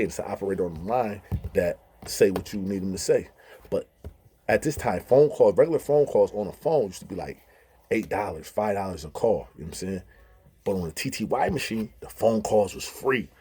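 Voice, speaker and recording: A man's voice: fairly low pitch, darkish tone, slightly rough. A man hosting his own channel, telling stories in a slangy, loose style full of asides. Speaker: channel host, storyteller. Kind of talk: casual storytelling.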